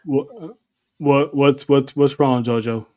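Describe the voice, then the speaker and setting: A man's voice: medium pitch, fairly even intonation, slow, lo-fi sound. A man co-hosting a wrestling podcast, making his points emphatically and repeating words as he takes the floor. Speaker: podcast co-host. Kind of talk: casual chat.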